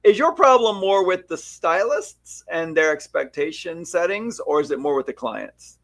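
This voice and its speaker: A man's voice: on the high side, moderate pace, no echo. A man who owns a salon, talking in a casual, emphatic podcast chat with a stylist colleague. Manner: animated, emphatic storyteller. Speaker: salon owner and stylist educator.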